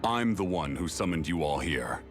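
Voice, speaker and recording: An actor playing an easygoing older brother in a game cutscene, talking in a relaxed, wry way. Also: male voice, low voice, moderate pace, music in the background. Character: easygoing grown man, calm older brother. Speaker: game character. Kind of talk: video game cutscene dialogue.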